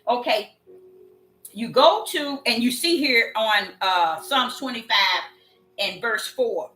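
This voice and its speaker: A woman's voice: a little high, lively intonation, slow pace, bright, forceful tone. A woman preaching a sermon in an emphatic way, repeating her phrases and drawing out the scripture she reads. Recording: echoey room with faint music.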